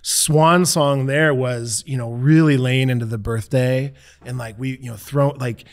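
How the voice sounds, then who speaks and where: A man's voice: medium pitch, fairly even intonation, a little slow. A man chatting as a podcast guest, joking around and playfully acting out little scenes as he tells them. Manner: jokey, laughs often, acts out scenes. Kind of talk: casual conversation.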